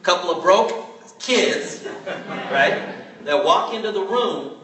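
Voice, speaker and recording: A man from California in his forties, telling a story to a live audience at a training event in a chatty, animated way and asking "right?" again and again. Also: sits high, slow pace. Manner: chatty, animated, asks "right?" often, laughs as he talks. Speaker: network marketing trainer. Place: large hall with an audience. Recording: very echoey hall, mic far off.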